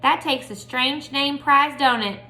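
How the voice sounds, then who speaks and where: A woman reading a storybook puts on a kind old Southern woman with a folksy, chuckling drawl. She comes across bright and a touch higher. The storybook character sounds amused and easygoing. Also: a little slow, full character voice.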